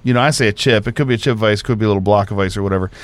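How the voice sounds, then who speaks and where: A man's voice: lowish voice, very fast, dry recording. A man co-hosting a casual chat, talking with emphatic enthusiasm and explaining at length. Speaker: co-host.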